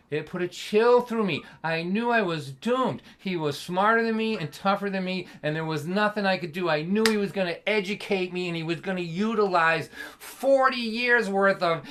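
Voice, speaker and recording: A middle-aged man telling a comic family story to a camera, animated and acting out voices. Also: sits high. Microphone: camera mic.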